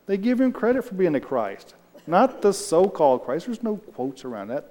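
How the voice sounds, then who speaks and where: Man with a slightly higher voice running a relaxed Bible study, chatty and responsive, in a room with long reverb. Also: moderate pace. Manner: conversational, loose, answers the group as he goes. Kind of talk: casual Bible study teaching.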